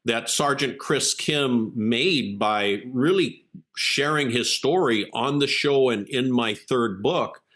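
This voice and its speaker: A man's voice: mid-range voice, slow pace. A man, a keynote speaker and executive coach, telling an earnest story as an interview guest and acting out the quotes. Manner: earnest, animated storyteller who acts out quotes.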